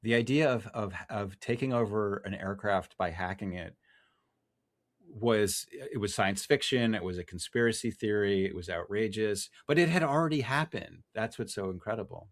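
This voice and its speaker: A man with a lowish voice speaks at normal speed as a guest on a podcast, where he works as a freelance journalist. He talks casually but restlessly in the interview, frequently restarting sentences, correcting himself, and using lots of fillers.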